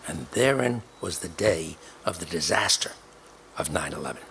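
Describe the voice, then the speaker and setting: A man's voice: low-pitched, lively intonation, normal speed, vocal fry, fairly bright tone, slight background noise. An older man telling a personal story emphatically, acting out the dialogue he quotes.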